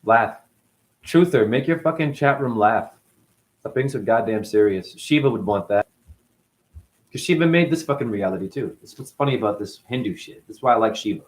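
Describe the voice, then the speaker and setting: Man in his forties, rambling host, lively jumpy voice, swears constantly. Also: moderate pace. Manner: profane, rambling, jumpy pitch swings. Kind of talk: rambling livestream talk.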